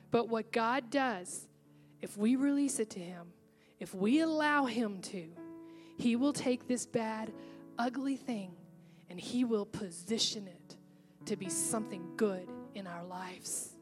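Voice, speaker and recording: A woman's voice: a little high, a little slow, pauses often, faint music behind. A woman pastor preaching to a congregation in a church, telling a personal story in an earnest, emotional way. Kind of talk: sermon with personal testimony.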